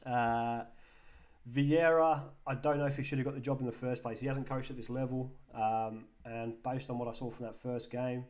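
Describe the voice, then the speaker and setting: A man's voice: medium pitch, steady tone, moderate pace, a little mellow. English man hosting a football stream. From England. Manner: chatty, reads out viewer comments and answers them. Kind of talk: casual live-stream chat reading comments.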